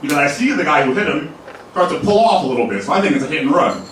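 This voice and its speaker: A man's voice: on the high side, lively intonation, fast, a bit bright, slight background noise. A young man doing a loose, profane stand-up set in a comedy club, laughing at his own jokes. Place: comedy club main room. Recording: echoey club room, mic at a distance.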